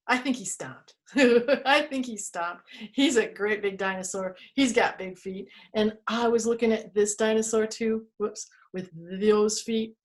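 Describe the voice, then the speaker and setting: A woman storyteller reading an interactive story to children, playful and expressive, asking her listeners questions. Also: medium pitch.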